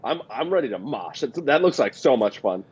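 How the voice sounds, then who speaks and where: A man talking playfully and in a relaxed way in a casual podcast chat. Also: mid-range voice, brisk, slightly rough, muffled recording.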